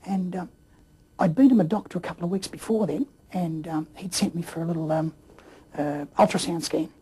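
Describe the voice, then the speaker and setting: A man telling his story in a rambling way, with many fillers and throat clearing. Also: fairly high pitch, a little fast, mellow. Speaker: interview guest. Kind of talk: casual storytelling.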